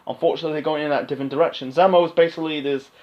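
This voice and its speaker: A man's voice: on the high side, fairly even intonation, very fast, dull audio. A man giving a casual, rambling movie review on his channel, full of fillers and restarts. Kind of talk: casual unscripted review monologue.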